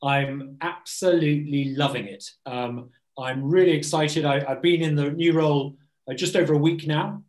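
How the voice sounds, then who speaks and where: A man's voice: fairly high pitch, fairly even intonation, moderate pace, a little mellow, echoey room. A man from Britain, a think tank president, speaking earnestly and eagerly as a guest on a video call interview, often restarting his words.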